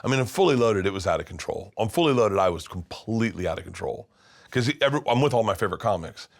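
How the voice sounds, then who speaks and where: A comedian in his fifties telling stories in a rambling, animated way, full of restarts. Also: fairly low pitch, quick pace, gravelly. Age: 50s. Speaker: comedian guest. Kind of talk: casual storytelling. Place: his studio.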